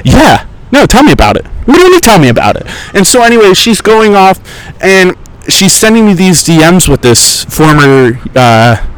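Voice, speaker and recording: A man's voice: high voice, very animated, moderate pace, clear, resonant tone, low-quality recording. A young man hosting a podcast, telling rambling, profane, sarcastic stories in casual chat. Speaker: podcast host. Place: outdoors in a park.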